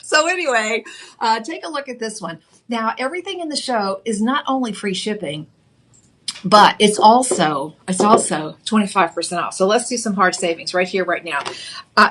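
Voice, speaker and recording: A woman's voice: medium pitch, animated, moderate pace, a bit bright, a little hiss or hum. A woman with a Texan accent hosting a live jewelry shopping show, chatty and upbeat with casual fillers. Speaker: shopping channel jewelry host.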